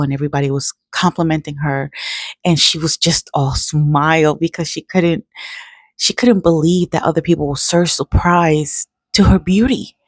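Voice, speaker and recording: A middle-aged woman vlogger telling a personal story in a casual, emotional, animated way. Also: sits low, no echo, studio quality. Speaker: nail artist vlogger.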